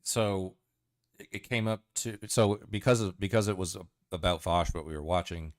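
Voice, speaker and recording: Deep-voiced rambling streamer man. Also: fairly even intonation, normal speed, no echo, studio quality. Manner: rambling, profane, chatty. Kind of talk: casual chat with viewers.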